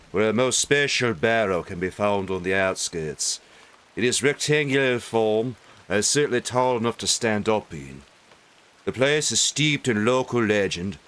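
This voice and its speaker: A man's voice: on the low side, fairly bright tone. A man putting on a stiff English letter writer. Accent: put-on English. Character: formal male letter writer, courteous and stiff.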